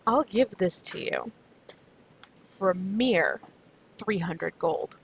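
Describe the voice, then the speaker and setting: A sly male dwarf merchant with a smooth, wheedling patter, put on by a woman. He is shrewd and always angling for a bigger price. His voice sits in a middle pitch. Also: expressive, slow pace, slight background noise. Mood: scheming. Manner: smooth, wheedling sales talk.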